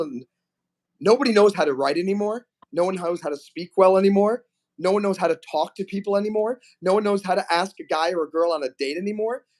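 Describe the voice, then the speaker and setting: A man in his forties hosting a live stream chat, rambling, enthusiastic and teasing. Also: high-pitched. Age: 40s. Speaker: host.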